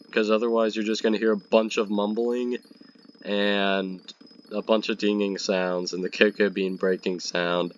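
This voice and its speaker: Sick young guy w a stuffy nose, kinda low voice, just rambling chatty while he plays. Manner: rambling, chatty, self-mocking. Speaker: gaming video creator. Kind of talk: casual commentary while playing a game.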